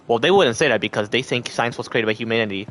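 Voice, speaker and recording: A man's voice: mid-range voice, fast talker, fairly bright tone, slight background noise. A man streaming live, rambling casually to his chat in a loose, stream-of-thought way and acting out other people's lines as he goes. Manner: acts out quoted voices. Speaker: livestreamer.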